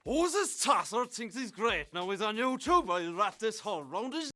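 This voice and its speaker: A man putting on an aggressive local man who mocks a show-off, in slow, drawled speech. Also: sits high, sing-song, bright, forceful tone, voice pushed up, full character voice. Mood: scornful.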